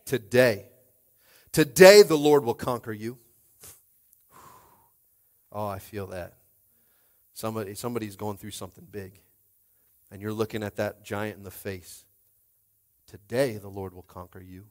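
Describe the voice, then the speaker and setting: A man preaching a rousing sermon, swinging from hushed asides to shouted climaxes. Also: fairly low pitch, fairly even intonation, normal speed. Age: adult with a young child. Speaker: pastor.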